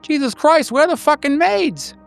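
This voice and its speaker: A man voicing a small, bony, misshapen man with curled blonde hair who shouts and swears in a New York accent. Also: expressive, normal speed, gravelly, soft background music, heavily acted. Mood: frantic cursing. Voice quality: high-pitched, shouting, constant swearing.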